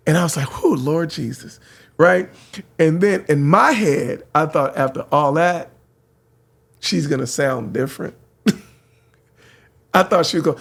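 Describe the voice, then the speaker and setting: A middle-aged man from San Francisco, a radio host telling lively stories, acting out voices and laughing often. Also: on the high side, a little slow, gravelly, long pauses, slightly rough. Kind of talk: animated storytelling.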